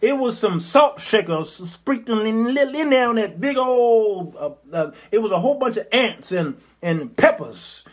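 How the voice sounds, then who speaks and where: A man hosting a comedy talk show, telling a satirical story in an animated way and jumping into put-on voices. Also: sits high, unhurried, few pauses.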